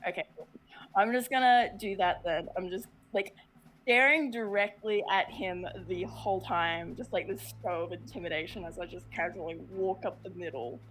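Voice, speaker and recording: A woman's voice: mid-range voice, normal speed, fairly bright tone. A woman playing in a tabletop game, chatting casually and hesitantly with many "um" and "like" fillers. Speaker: player.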